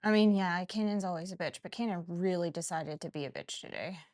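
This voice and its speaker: A middle-aged woman with a hoarse voice, a chef hosting her cooking show in casual livestream chat and swearing casually. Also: on the low side, fairly quick, darkish tone. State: hoarse, has lost her voice.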